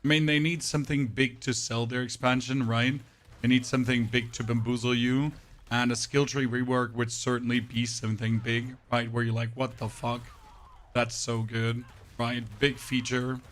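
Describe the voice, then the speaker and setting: A hoarse-voiced man chats casually with his stream audience while playing. His voice is worn nearly away and sits at an ordinary, mid-range pitch. He speaks in a flat, unemphatic monotone. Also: normal speed. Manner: talks to chat with frequent "right?". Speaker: game streamer.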